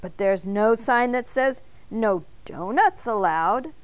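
A woman voicing a kind, gentle grown man in a storybook read-aloud, speaking softly and plainly. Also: a little high, animated, takes it slowly, no room sound. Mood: eager. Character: kind gentle adult man, a doughnut's owner.

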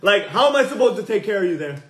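A young man in his twenties in a scripted couple comedy skit, exasperated and animated as he argues his case. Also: high voice, very fast, reverberant, a loud crowd.

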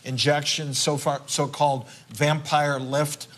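A man with a slightly raised pitch co-hosts a television talk show. He delivers the news and reacts in an upbeat, easygoing way. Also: little pitch movement, measured pace, fairly bright tone. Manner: upbeat, conversational. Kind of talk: studio talk.

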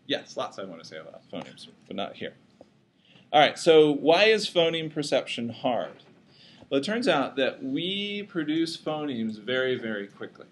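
A man's voice: mid-range voice, slight background noise. A man teaching a psychology class, lecturing casually and joking with his students. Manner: casual, joking, self-deprecating.

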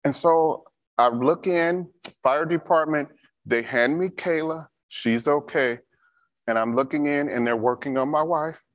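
A man's voice: fairly high pitch, measured pace. A man giving a church safety training talk, repeating key instructions and telling a personal story.

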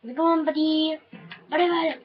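A young woman commentating her own shooter gameplay, swinging between easy chatter and yelling and swearing at other players. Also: sits high, fast. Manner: excitable, yelling and swearing at opponents. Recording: dull lo-fi sound.

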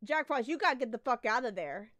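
A young woman giving excitable, nervous commentary while playing a horror game, swearing often. Her voice is high and swings widely in pitch. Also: fast talker. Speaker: gaming video creator.

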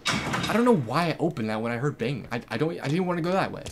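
A man hosting a horror game let's play, reacting out loud, swearing often and bursting into startled shouts. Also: a little high, lively intonation, quick pace, a little hiss or hum. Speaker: gaming channel host.

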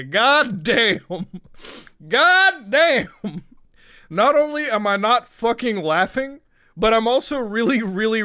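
A man's voice: high voice, fairly bright tone. A man streaming live, ranting casually with sarcastic, profane emphasis and tagging his points with "okay?". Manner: tags lines with "okay?" and "all right?".

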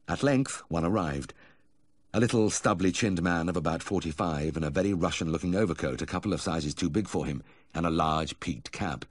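Man, low voice, audiobook narration, measured pace, dry close recording. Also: no room sound.

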